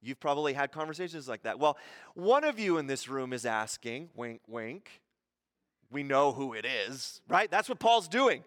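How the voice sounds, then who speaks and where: A man's voice: medium pitch, big pitch swings, normal speed, fairly bright tone, in a large hall. A man preaching a sermon in a church in a conversational, playful way, full of rhetorical questions. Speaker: pastor. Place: church hall.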